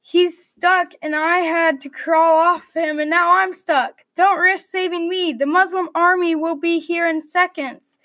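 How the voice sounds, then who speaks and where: A woman's voice: extremely high pitch, steady tone, measured pace, hardly any pauses, pushed and bright, dry recording, exaggerated voice. Woman reading as a frightened knight crying out. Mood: desperate. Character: stranded frightened male knight.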